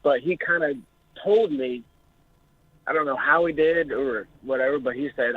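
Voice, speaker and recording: This is a young male caller on a talk show with a mid-range voice and a moderate pace. Swearing frequently, he recounts what happened to him in a jittery, emotional way, heard through a thin, tinny phone line.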